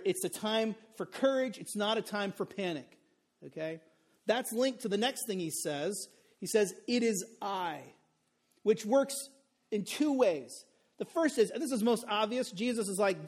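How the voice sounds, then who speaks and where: A man preaching a sermon in a relaxed, conversational way, often checking in with the listeners with "okay?" and "right?". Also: high voice, moderate pace. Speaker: pastor.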